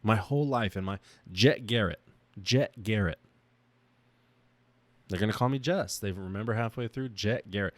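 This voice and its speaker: A young man with a lowish voice speaks at a normal pace but leaves long pauses, in a dry recording. On his own podcast he offers a raw, halting personal reflection about himself.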